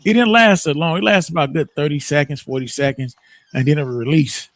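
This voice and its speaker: A man spins a story on a morning talk show, his voice sitting a bit high. He talks loose and profane, breaking into loud laughs. The sound is close and dry, with no room echo. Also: fast talker. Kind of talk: casual chat.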